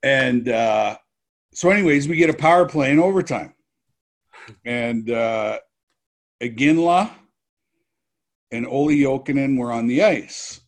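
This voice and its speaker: Male guest, slow-paced, laid-back storyteller. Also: medium pitch. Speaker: guest, former hockey player. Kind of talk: casual storytelling.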